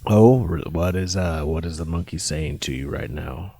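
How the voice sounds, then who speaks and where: A man's voice: extremely low pitch, normal speed, mellow, slightly rough, dry recording. A man playing a tabletop game, amused and laughing along. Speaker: player. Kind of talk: casual tabletop chat.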